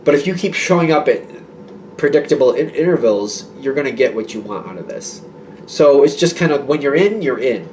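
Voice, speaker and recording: A man's voice: mid-range voice, expressive, fairly quick, a little mellow, far from the mic, a little hiss or hum. A man giving a casual tarot reading to his viewers, rambling and reassuring, with many fillers and restarts. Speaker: tarot reader.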